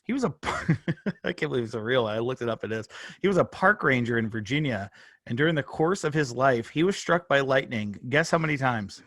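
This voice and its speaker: A man's voice: mid-range voice, expressive, fairly quick, a bit bright, no echo, clean studio sound. A man co-hosting a casual sports podcast, rambling and joking, swearing freely. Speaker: podcast co-host. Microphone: phone held up, on video.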